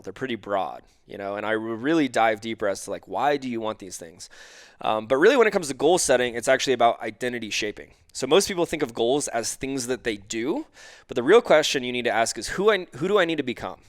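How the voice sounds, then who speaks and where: A man speaks as a guest life coach in a conversational interview. He works through examples and slips into short acted-out quotes from clients. His voice sits at a middle pitch, and the recording is dry and close. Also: dry recording. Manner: explains with examples and acts out quoted client dialogue.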